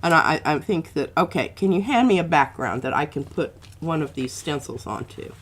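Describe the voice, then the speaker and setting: A woman's voice: deep voice, lively intonation, fairly quick. A woman hosting a live art stream, chatting casually and joking as she works and reads the chat aloud. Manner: joking, self-deprecating banter. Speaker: art livestream host. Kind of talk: casual chat while crafting and reading chat. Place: home art studio.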